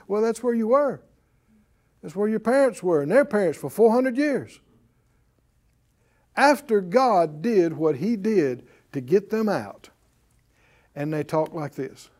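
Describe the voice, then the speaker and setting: A man's voice: sits high, expressive, takes it slowly, long pauses, darkish tone. A man teaching a Bible class as a sermon, emphatic and calling for responses from the class.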